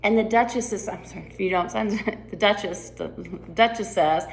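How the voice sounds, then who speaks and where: A woman's voice: medium pitch, moderate pace, vocal fry. A woman walking through a play script for sign interpreters, chatty and full of fillers, acting out lines as she goes.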